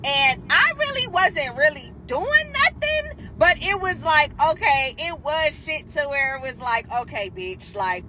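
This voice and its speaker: A young woman telling a dating story in casual, profane, animated talk, acting out quotes. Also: high voice, unhurried, hardly any pauses, slight background noise, rough recording.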